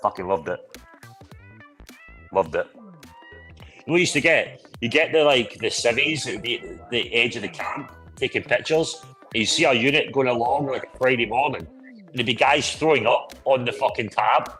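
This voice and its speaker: Man, mid pitch, crude casual storyteller, constant swearing, faint music in the background. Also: moderate pace, fairly bright tone, poor audio. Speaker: podcast co-host. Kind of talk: casual pub-style chat.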